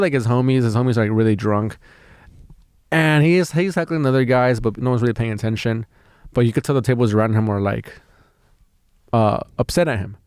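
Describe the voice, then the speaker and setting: A man's voice: mid-range voice, smooth, dry recording, clean studio sound. A man, a stand-up comedian, telling a rambling story in casual podcast chat, full of fillers, restarts and swearing.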